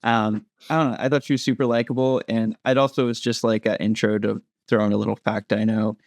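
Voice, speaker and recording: A man's voice: on the low side, little pitch movement, a little fast, no room sound, studio quality. A young man on a casual movie podcast, talking hesitantly with many fillers. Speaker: podcast co-host. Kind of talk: casual movie review chat.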